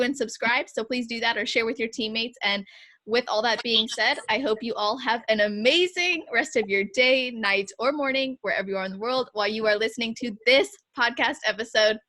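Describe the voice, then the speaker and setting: Young woman hosting a podcast call, bright voice, chatty and upbeat. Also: on the high side. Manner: chatty, upbeat, laughs often. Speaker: podcast host. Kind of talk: casual group chat on a call. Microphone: video call.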